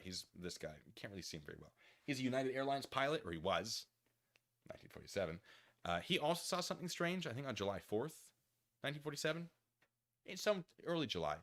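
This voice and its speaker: Animated, bright-voiced man streamer. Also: mid-range voice. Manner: animated, jokey, acts out quoted people in silly voices. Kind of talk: casual storytelling stream.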